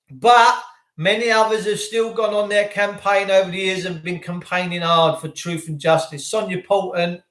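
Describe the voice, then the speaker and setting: Guy ranting excitedly on his live stream, kinda high voice, echoey room. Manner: excitable, effusive and rambling. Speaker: channel host. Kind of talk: live-stream chat to viewers. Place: indoors at home.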